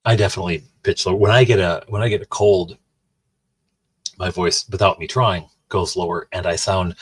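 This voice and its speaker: A man with a very low, husky voice chats loosely with his stream audience, wandering off into asides and restarting his sentences. The sound is close and dry, with no room around it. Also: steady tone, moderate pace, dry recording. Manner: rambling, chatty, many restarts and asides to chat. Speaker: streamer and host. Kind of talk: casual chat while livestreaming.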